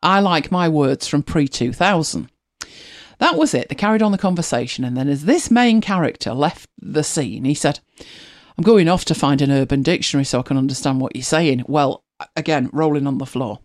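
A host chatting casually and retelling a TV scene, animated and laughing often. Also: medium pitch, normal speed. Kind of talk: casual storytelling chat.

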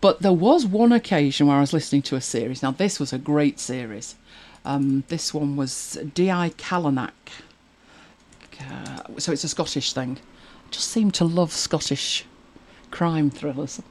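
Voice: medium pitch, a little slow, a little mellow. A podcast co-host chatting casually, rambling along with many fillers and restarts. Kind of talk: casual chat about audiobooks.

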